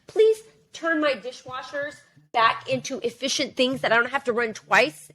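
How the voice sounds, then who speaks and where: A woman's voice: high voice, moderate pace, bright, forceful tone. A middle-aged woman co-hosting a podcast, talking in long run-on sentences with many fillers. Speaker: podcast co-host. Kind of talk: casual political chat.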